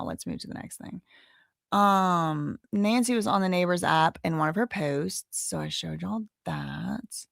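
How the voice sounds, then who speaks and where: A woman's voice: fairly low pitch, gravelly, fairly bright tone, dry recording, clean studio sound. A woman hosting a live case-update stream, chatting casually with viewers in a blunt, indignant way, sometimes cursing. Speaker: host.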